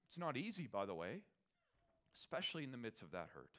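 A man preaching a Christmas sermon, moving from quiet, conversational reflection to loud, ringing proclamation. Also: mid-range voice, big pitch swings, fairly quick. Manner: swings from hushed reflection to loud, soaring proclamation; conversational asides, fillers and restarts.

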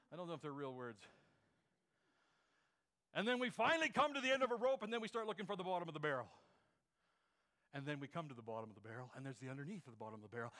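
A man with a notably high voice preaches a sermon, drawing the congregation into call-and-response. He drops to hushed, almost whispered phrases, then builds back up into emphatic rhetorical questions. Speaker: pastor.

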